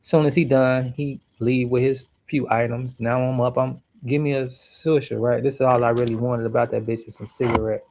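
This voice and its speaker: A man tells a story on a livestream as a heated, profane rant, hitting his words hard. His voice has a rough, gravelly edge and sits at a middle pitch. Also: flat delivery, brisk, hardly any pauses, darkish tone, slight background noise. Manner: angry, profane, emphatic.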